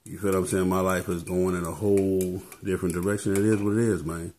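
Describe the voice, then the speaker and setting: Laid-back deep-voiced man. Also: level tone, quick pace, darkish tone. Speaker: vlogger. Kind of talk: casual motivational chat.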